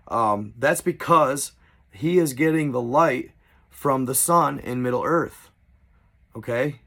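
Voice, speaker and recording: A man with a gravelly, creaky voice reads a diary aloud at a medium pitch. He keeps breaking off to explain and comment on the text in a relaxed, conversational way. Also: takes it slowly. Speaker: storyteller.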